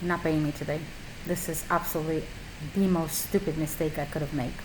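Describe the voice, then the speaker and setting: Animated middle-aged immigrant woman, emphatic. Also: low voice, brisk, background noise. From a communist country. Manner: animated, emphatic, slightly non-native grammar. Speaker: esthetician and skincare business owner. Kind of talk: casual storytelling advice.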